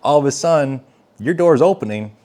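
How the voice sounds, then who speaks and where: A man in casual podcast chat, sharing firm opinions. He lays out his reasoning step by step at an ordinary, mid-range pitch. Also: animated, a little fast, a little mellow. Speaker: podcast co-host.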